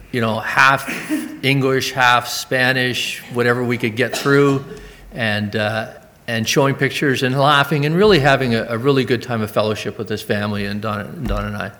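A man's voice: mid-range voice, fairly bright tone. Earnest man telling a rambling testimony. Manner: earnest, rambling anecdotes with asides. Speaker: church member sharing a mission testimony. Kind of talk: personal testimony storytelling.

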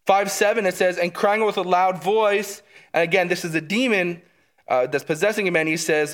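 A man leads a Bible teaching in a relaxed, conversational tone, with a voice sitting a little high for a man. He sounds eager and keeps checking in with his listeners as he walks through passages. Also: moderate pace. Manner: enthusiastic, often checks in with "right?".

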